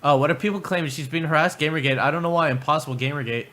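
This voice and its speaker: A man's voice: a little high, very fast, sharp tone. A man hosting a livestream, commenting casually with profane, sarcastic remarks. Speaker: livestream host.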